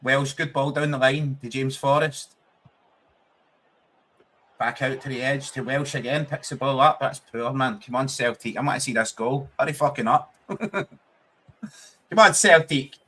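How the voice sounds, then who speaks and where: A man's voice: medium pitch, fairly even intonation, normal speed, fairly bright tone. A young Scottish man hosting a football watchalong stream, chatting casually with viewers, swearing freely and laughing often. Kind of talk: casual live-stream commentary and chat.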